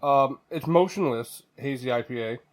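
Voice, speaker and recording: A man's voice: medium pitch, normal speed. A man co-hosting a sports podcast, talking loosely with casual swearing and reading a beer label with many fillers. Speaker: podcast co-host. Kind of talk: casual sports chat over beers.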